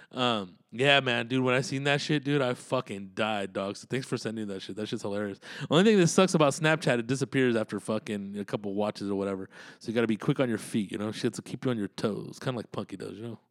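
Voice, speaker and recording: In a clean studio recording without room sound, a man speaks briskly in a mid-range voice. He's a podcast host and comedian delivering a loose, rambling monologue heavy on cursing and street slang.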